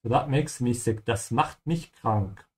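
Male language teacher, patient, explanatory, playthrough lesson. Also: medium pitch. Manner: patient, explanatory, repeats words slowly.

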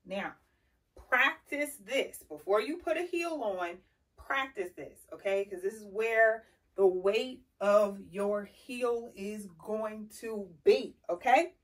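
A woman's voice: medium pitch, takes it slowly. Sassy woman vlogger, heard from a distance. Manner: lively, sassy, chatty, demonstrating while walking. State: slightly out of breath. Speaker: style vlogger teaching heel walking. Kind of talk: casual tutorial. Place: indoor room with carpet.

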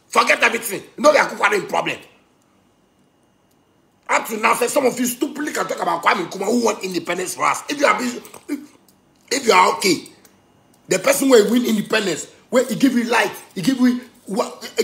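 Angry Ghanaian man ranting in gravelly voice. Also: high voice. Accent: Ghanaian Pidgin English. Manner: heated, swinging between shouting and muttering. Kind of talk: angry rant.

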